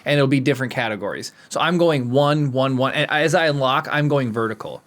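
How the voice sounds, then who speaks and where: A man co-hosts a podcast, chatting casually in a brisk, mid-range voice. He's animated and laughs often.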